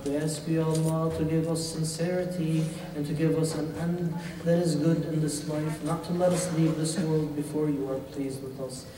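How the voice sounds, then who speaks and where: A man delivering a sermon in a hall, telling a story dramatically and praying slowly. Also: a little high, little pitch movement, background noise. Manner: dramatic storytelling, rising to impassioned, then slow lament. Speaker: shaikh giving a Ramadan lecture. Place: mosque or community center hall. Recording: echoey hall from far off.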